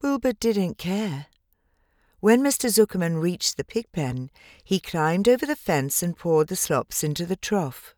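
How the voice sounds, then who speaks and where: A woman reads a children's storybook aloud, slow and gentle, in a fairly low voice. The recording is dry and close, with no room around her. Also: no echo. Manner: measured, gentle, expressive. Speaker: audiobook narrator. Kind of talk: scripted storybook narration.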